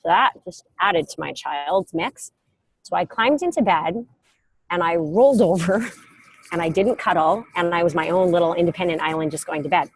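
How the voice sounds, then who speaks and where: A middle-aged woman giving a casual motivational talk, telling stories with lively acted quotes, speaking from an airport. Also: on the low side, moderate pace, slight background noise. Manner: animated storytelling with acted quotes. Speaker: self-help speaker.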